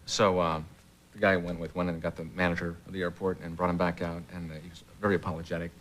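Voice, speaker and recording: Deep, fast-talking male comic guest, meanders through a story, studio audience faint behind. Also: flat delivery, fairly bright tone, a little hiss or hum. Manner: rambling storyteller, halting with many uhs. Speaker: guest comedian. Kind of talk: talk show anecdote.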